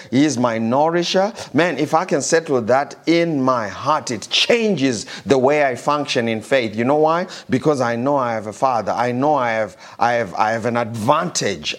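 A man preaching a sermon, reading scripture aloud and slowing down with rising emphasis on key verses, with some halting restarts. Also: medium pitch.

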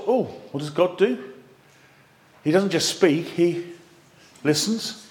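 A high-voiced man preaches slowly, keeping the sermon lively and conversational with jokey asides, and he stresses the scripture he reads aloud.

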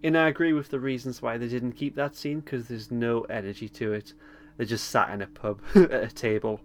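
Relaxed man recapping an episode. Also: medium pitch, a little fast. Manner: relaxed, chuckles often, hesitant with ums. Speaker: podcast host. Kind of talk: casual chat recapping a TV episode.

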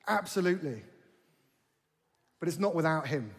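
Male preacher, high register, passionate and repetitive. Long hall reverb. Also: expressive, moderate pace, breathy edge. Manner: impassioned, rising to forceful rhetorical questions; repeats phrases for emphasis. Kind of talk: sermon.

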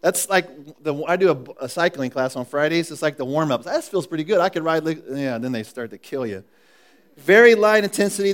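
A man with a voice on the high side delivers a sermon in a loose, conversational way. He jokes with the congregation, restarts his sentences and laughs as he goes. He speaks from a church meeting room. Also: a little fast. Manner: casual, joking, with frequent restarts and laughs. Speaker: pastor.

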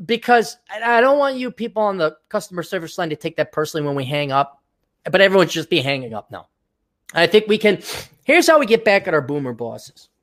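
A man's voice: high-pitched, very animated, fairly quick, a bit bright. A man hosting a podcast, ranting in an exasperated, sarcastic and profane way. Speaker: podcast host. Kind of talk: ranting monologue.

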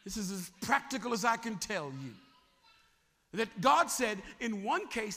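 Casting: lively male bishop preaching, high, bright and gravelly, in an echoing hall. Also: measured pace. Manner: animated preaching, questions the congregation. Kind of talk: sermon.

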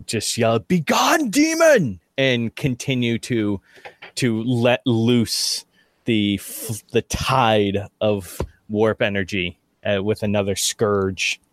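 A man playing a tabletop game, hesitant and full of restarts, getting excited about his dice rolls. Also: lowish voice, takes it slowly, no room sound. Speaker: player. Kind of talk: casual game chat.

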